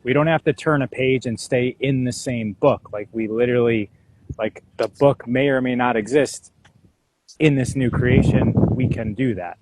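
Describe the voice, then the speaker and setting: A man co-hosting a casual spiritual talk, agreeable and quick to affirm. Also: mid-range voice, a little mellow, a little hiss or hum. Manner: agreeable, short affirmations, easy laughs. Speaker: astrology show co-host. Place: outdoors.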